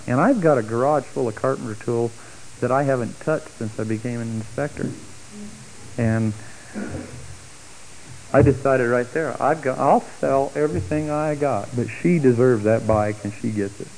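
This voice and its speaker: A middle-aged man telling a personal testimony story, acting out the voices of the people in it with big jumps in pitch. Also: slight background noise, poor audio. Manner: animated, acts out quoted speech with big pitch jumps.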